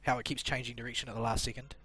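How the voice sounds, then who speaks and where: A man's voice: mid-range voice, level tone, rapid-fire, sharp tone, husky. A man in a casual gaming voice chat, grumbling with dry sarcasm into a headset mic. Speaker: gamer on voice chat.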